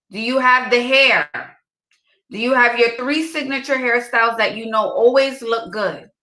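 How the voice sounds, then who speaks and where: A woman's voice: a little high, sharp tone. A woman giving casual dating advice to her viewers, emphatic and repeating her key points. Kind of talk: casual direct-to-camera advice. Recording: roomy echo.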